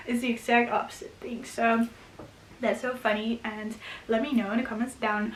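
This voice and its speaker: A young woman talking casually and earnestly to camera about spiritual growth, gentle and often laughing softly. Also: on the high side, level tone, fairly quick, distant mic. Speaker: spiritual vlogger. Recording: echoey room with faint hiss.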